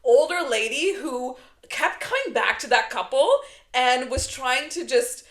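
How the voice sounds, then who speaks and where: A woman in her thirties co-hosting a podcast, telling funny stories with lively acted-out quotes in casual chat. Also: high voice, unhurried, roomy sound. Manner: animated storyteller, acts out quotes. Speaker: podcast co-host.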